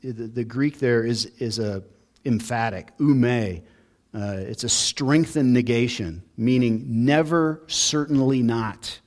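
A man's voice: medium pitch, slow pace, a little mellow. A man preaching a sermon as pastor, earnest and building emphasis on key points.

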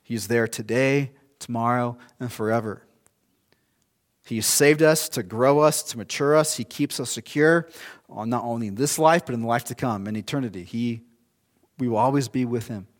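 A man's voice: mid-range voice, normal speed. Man preaching a conversational sermon. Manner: conversational, storytelling with restarts and asides. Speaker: pastor.

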